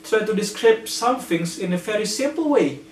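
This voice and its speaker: A man's voice: high-pitched, lively intonation, normal speed. An Indonesian-speaking man giving earnest, patient English-learning tips with plenty of examples. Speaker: English teacher. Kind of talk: explanatory lesson. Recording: echoey room, slightly distant mic, faint hum.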